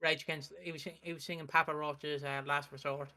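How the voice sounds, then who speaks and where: Bright-voiced young man recapping a soap. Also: on the high side, flat delivery, a little fast. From United Kingdom. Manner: recaps the plot with many fillers and restarts. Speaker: soap opera reaction host. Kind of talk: casual recap chat.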